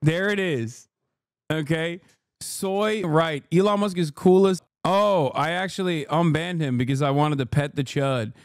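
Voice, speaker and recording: Male streamer, reaction commentary, sarcastic profane rant, slightly high voice, dry sound. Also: unhurried, clear, resonant tone, no room sound.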